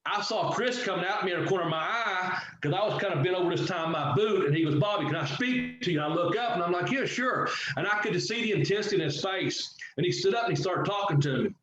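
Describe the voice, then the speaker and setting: A middle-aged former wrestler telling a story in a casual interview, animated and swearing freely as he acts out what others said. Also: high-pitched, fast talker, hardly any pauses. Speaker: guest, former pro wrestler. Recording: echoey, dull, slightly noisy audio.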